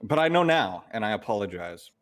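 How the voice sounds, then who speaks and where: A man's voice: fairly low pitch, big pitch swings, a little fast, a bit bright, soft background music. A man playing in a tabletop role-playing game, jokey and offhand. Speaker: player. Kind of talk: casual in-character play.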